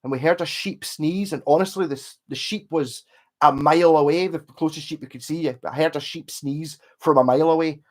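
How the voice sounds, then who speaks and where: A man's voice: fairly high pitch, moderate pace. A Scottish man hosting a casual live stream from home, chatting in a rambling way and swearing now and then. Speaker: livestream host. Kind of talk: casual livestream chat.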